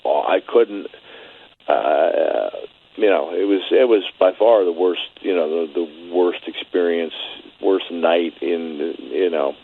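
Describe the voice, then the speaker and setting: A middle-aged man telling a story as an interview guest, halting with many restarts. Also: sits low, breathy edge. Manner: halting, many restarts, grows quiet and shaky when emotional. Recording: phone-line audio.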